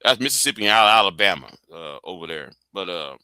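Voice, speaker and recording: Middle-aged man, very bright tone, dry close sound, rambling restarts. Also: low-pitched, lively intonation, fast, clean tone, no echo. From Texas. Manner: rambling, many restarts and stammers. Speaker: livestream host. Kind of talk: casual political commentary.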